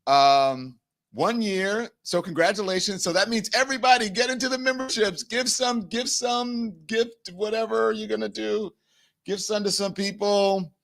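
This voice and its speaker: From what sounds like a home studio in an apartment, a man runs his own live-stream show, reading out viewer comments and laughing readily. His voice is high, creaky and a bit bright, at a moderate pace.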